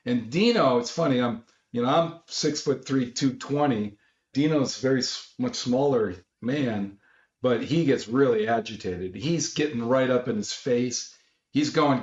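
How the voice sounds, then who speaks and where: A man from Los Angeles, a guest author telling a story in an interview, acting out the shouted quotes of the people in it. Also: mid-range voice, a little slow, reverberant, dull audio.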